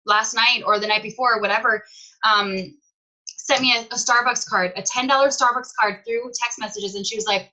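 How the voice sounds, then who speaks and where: A young woman giving an excited, chatty motivational talk to her sales team and acting out the messages she quotes. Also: mid-range voice, poor audio. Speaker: direct sales team leader.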